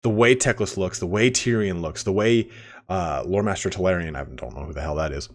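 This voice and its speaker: A man's voice: sits low, fairly quick. A man giving casual, rambling game commentary, full of fillers and restarts. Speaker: gaming commentator.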